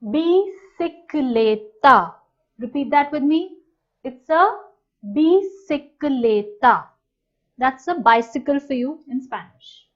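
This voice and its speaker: A woman teaching a language lesson, saying each new word slowly and clearly and then repeating it. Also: high voice. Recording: dull, slightly lo-fi sound.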